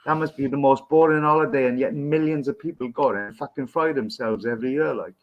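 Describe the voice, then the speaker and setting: A man's voice: mid-range voice, fast, lo-fi sound. English man, podcast co-host, crude pub humour, chatty joke-teller. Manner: swears freely, rambling joke-teller. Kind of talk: casual pub-style banter, telling jokes.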